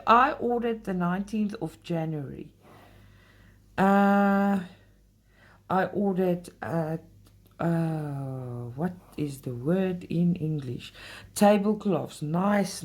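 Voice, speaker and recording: Lower-voiced woman chatting. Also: slow. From South Africa. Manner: talkative, heated when complaining, speaks straight to viewers. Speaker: cross-stitch channel host. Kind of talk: casual chatty craft vlog.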